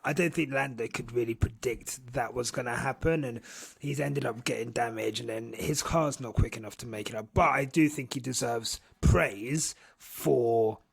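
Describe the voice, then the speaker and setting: A man's voice: medium pitch, normal speed, vocal fry, breathy edge. A man hosting a motorsport podcast in a casual chat, rambling with restarts and breaking into laughter. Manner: rambling, laughs a lot, mimics drivers. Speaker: podcast host.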